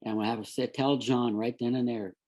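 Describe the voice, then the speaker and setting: A man's voice: mid-range voice, steady tone, fast, a little mellow. A middle-aged man, a guest on an interview show, animatedly telling a story and acting out the voices of the people in it. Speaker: guest sharing a near-death story. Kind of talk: conversational storytelling.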